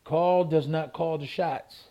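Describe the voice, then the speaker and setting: An older man, once a boxing champion, tells his story as a guest in an animated interview, repeating phrases and acting out old phone calls. His voice is on the high side yet dark in tone, steady and slow.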